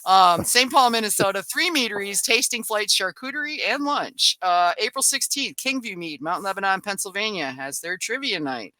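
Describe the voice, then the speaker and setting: A woman's voice: medium pitch, animated, bright, forceful tone, no room sound. A woman hosting a podcast, reading through a list of upcoming events in a casual way with chatty asides. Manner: reads a list briskly with asides and small laughs. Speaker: podcast host. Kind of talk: casual event-listing readout.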